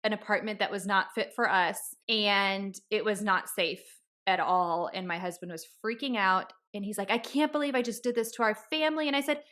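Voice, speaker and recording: A podcast host in her thirties talks a little fast, barely pausing, her mid-range voice carrying a sharp tone. She spins a casual, chatty story and voices the dialogue of the people in it.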